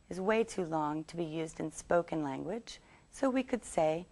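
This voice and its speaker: A woman teaching English, reading a scripted lesson and saying model sentences slowly for learners to repeat. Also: on the low side, animated, dark tone. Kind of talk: scripted language lesson narration.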